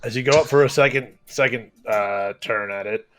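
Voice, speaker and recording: A man's voice: medium pitch, normal speed, a crowd in the background. A man narrating as game master of a tabletop game, in a casual way with many fillers and restarts.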